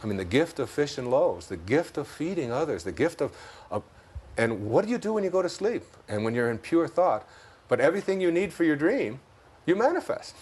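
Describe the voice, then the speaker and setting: A man's voice: fairly high pitch, very animated, darkish tone, slightly rough. Man with a Detroit accent, musing. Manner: storytelling, chuckles often, slows down for key ideas. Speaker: interview guest. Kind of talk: reflective spiritual conversation.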